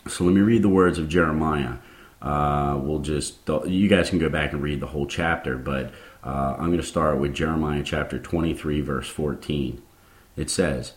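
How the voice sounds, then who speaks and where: A man's voice: rumbling low, normal speed. A man preaching a sermon, speaking informally to his listeners and growing impassioned as he goes. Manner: grows impassioned and fired up.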